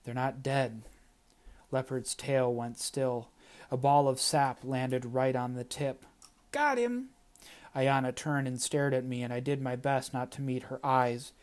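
A man's voice: mid-range voice, measured pace, smooth. Male narrator reading a first-person story. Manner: steady, plain storytelling. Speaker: audiobook narrator.

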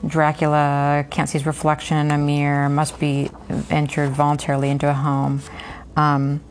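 A woman's voice: low voice, monotone, moderate pace, a little hiss or hum. A woman reading a novel aloud and breaking off for chatty, filler-heavy commentary, recorded on an app. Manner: chatty asides with frequent fillers. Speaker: podcast reader and commentator.

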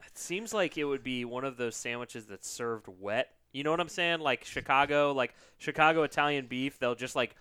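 A man trading jokes in casual podcast banter, playful and quick with a quip. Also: medium pitch, pushed and bright, clear, resonant tone, no echo, clean studio sound. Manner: joking, playful. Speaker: podcast co-host. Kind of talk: casual chat.

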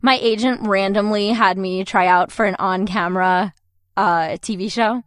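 A woman's voice: medium pitch, steady tone, normal speed, clean tone, dry recording. A young woman in her twenties, a voice actor telling stories in a casual interview, chatty and often laughing. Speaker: voice actor guest.

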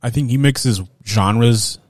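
A mid-range male voice takes it slowly in a dry, clean studio recording. He co-hosts a casual film podcast, laid-back and chuckling, and often trails off mid-sentence.

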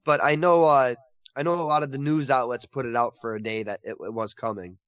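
An excitable man gushes through a casual podcast chat, laughing often. His voice sits at an ordinary middle pitch. The recording is dry and a little dull, like lo-fi audio. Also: fairly quick, clean tone, no echo. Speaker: podcast co-host covering horror collectibles.

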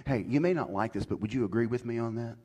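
A man preaching a sermon to his church, swinging from loud calls to soft whispers. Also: medium pitch, fast, slightly rough. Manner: folksy, swings from shouted to whispered. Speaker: pastor.

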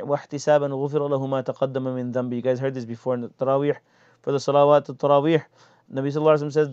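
Man, casual religious lesson, animated, higher voice, dull dry lo-fi sound. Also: no room sound. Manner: casual, animated, acts out complaints. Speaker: teacher explaining hadith.

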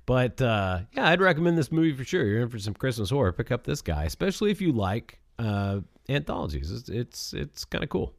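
A man's voice: mid-range voice, sing-song, fairly quick, hardly any pauses. A man co-hosting a podcast in casual chat, joking and swearing freely. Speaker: podcast co-host.

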